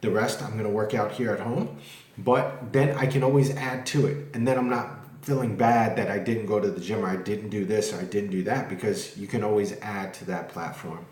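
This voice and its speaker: Man, lowish voice, rambling candid vlog talk, cusses now and then, roomy echo. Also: fairly even intonation, moderate pace, darkish tone. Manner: rambling, candid, curses freely. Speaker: vlogger. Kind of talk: casual vlog talk to camera. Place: home. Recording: echoey room.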